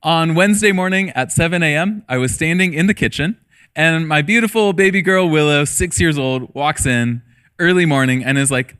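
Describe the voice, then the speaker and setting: A man's voice: fairly high pitch, lively intonation, moderate pace, fairly bright tone, clean tone. A man in his thirties, a middle school pastor, preaching a casual sermon with personal stories and jokes. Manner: casual storytelling with jokes and laughter.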